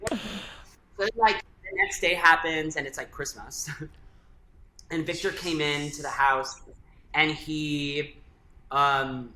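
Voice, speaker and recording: A man's voice: on the high side, little pitch movement, slow, pauses often. A young adult man telling a personal story in casual chat, filling his speech with "like". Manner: chatty, many fillers like "like". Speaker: guest. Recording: echoey room, faint ambient noise.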